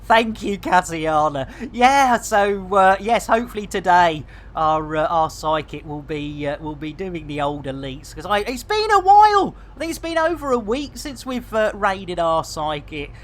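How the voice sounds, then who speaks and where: A man's voice: high-pitched, very animated, unhurried, few pauses. A man rambling casually to his chat while streaming a game. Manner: chatty, rambling, jokey.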